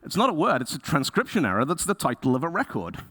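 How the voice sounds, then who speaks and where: A man giving a conference talk, telling stories in a lively way and acting out the people he quotes. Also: fairly high pitch, fast talker, slightly rough. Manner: lively storyteller, acts out quoted voices. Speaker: conference speaker. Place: conference stage.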